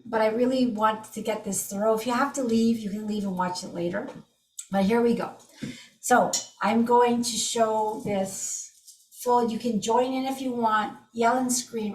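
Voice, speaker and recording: Lively middle-aged woman leading a video-call workshop, in an echoey room. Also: mid-range voice. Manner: animated, vivid, acts out strong emotions while demonstrating. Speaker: EFT tapping teacher. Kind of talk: live online workshop teaching. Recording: roomy and distant from the mic.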